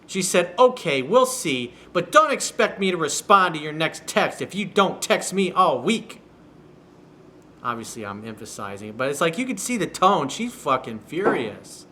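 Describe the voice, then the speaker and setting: A man's voice: high voice, big pitch swings, moderate pace, few pauses, sharp tone, a little hiss or hum. A man giving dating advice as a coach, reading out a viewer's email and answering it in a blunt, profane, sarcastic way. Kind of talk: solo video newsletter commentary. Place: home room with workers outside the window.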